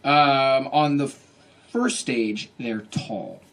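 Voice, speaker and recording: A man in his thirties telling a comic story to an audience at a book event, animated and self-mocking, acting out his own inner voice. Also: medium pitch, extremely slow.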